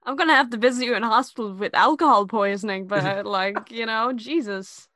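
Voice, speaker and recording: A woman's voice: mid-range voice, fairly quick, pushed and bright, dry recording. A woman co-hosting a podcast, chatting casually about a TV episode, laughing easily and using fillers. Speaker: podcast co-host. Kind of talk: casual chat reviewing a TV episode.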